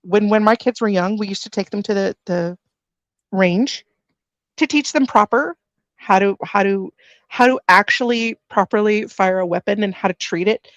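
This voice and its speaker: A woman's voice: mid-range voice, normal speed, no echo, dull audio. A middle-aged woman telling a story in casual livestream chat, acting out what people said, with frequent restarts. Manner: animated, acts out quoted dialogue with repeated restarts.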